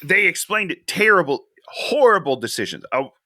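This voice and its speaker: A man's voice: a little high, sing-song, normal speed, sharp tone, dry recording, clean studio sound. A man co-hosting a casual movie-review podcast, joking and sarcastic as he picks a film apart. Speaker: podcast co-host.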